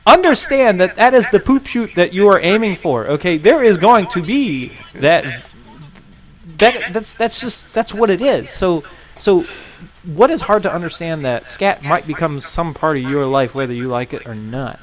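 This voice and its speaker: A man's voice: sits high, expressive, normal speed. A man telling a crude story with heavy swearing as a guest on a casual podcast.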